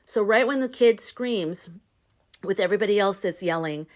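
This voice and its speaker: Casting note: woman vlogger, mid pitch, casual storyteller turning earnest and urging. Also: normal speed. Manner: chatty, loose storytelling with fillers and restarts. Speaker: spiritual vlogger. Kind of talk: casual retelling and pep talk to viewers.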